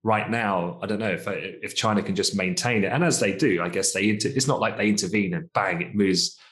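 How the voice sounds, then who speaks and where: A man co-hosting a finance podcast, talking in a relaxed, chatty way and asking tag questions like "isn't it?". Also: on the low side, fairly quick. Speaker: co-host, markets commentator. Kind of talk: casual podcast discussion.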